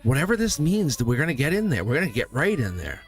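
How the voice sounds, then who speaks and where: A man hosting a live tarot stream, talking straight to his viewers in an animated way and laughing often. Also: a little high, quick pace, soft background music.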